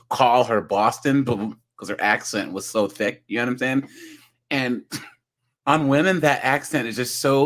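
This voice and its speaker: A man's voice: medium pitch, fairly bright tone. A young man hosting a live reaction stream, chatting loosely with his viewers and laughing often. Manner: chatty, laughing, addresses chat as guys and dude. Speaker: reaction video host. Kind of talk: casual live-stream commentary.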